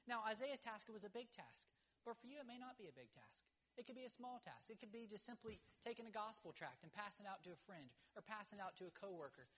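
A middle-aged man preaching a folksy, earnest sermon in numbered points, full of rhetorical questions, and dropping low and slow on key words. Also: fairly bright tone. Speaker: pastor.

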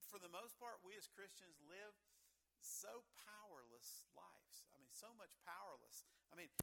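A middle-aged man, a pastor, preaching a sermon in an earnest way, with loud emphatic lines and quiet asides. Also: fairly high pitch.

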